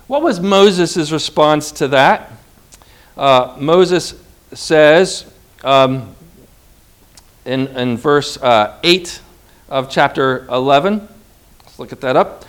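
A man preaching a sermon in an emphatic, animated way, retelling Bible stories. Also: on the high side, slow, pauses often.

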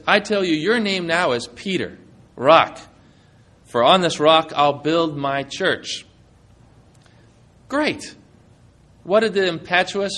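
A male preacher giving a sermon, retelling scripture with animated storytelling and acting out the quoted lines. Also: high-pitched.

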